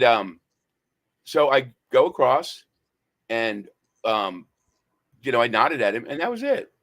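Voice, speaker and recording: A man's voice: mid-range voice, fairly bright tone. A man hosting a talk radio show, telling stories in a rambling, hesitant way. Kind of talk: casual talk radio chat.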